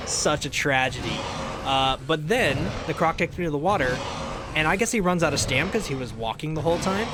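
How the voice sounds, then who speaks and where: A young man telling a lively, casual recap of a survival game as a YouTuber, often laughing and letting his phrases trail off quietly. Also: medium pitch, fairly quick, heavy background noise. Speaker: gaming YouTuber.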